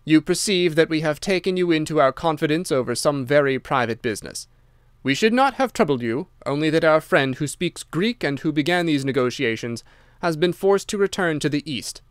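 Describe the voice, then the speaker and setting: A man's voice: fairly high pitch, lively intonation, fairly quick, clear, resonant tone, no room sound, clean studio sound, close to an everyday voice. A man reading aloud, voicing a sinister older captor who giggles and threatens. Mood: smoothly threatening. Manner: menacing, giggling between words.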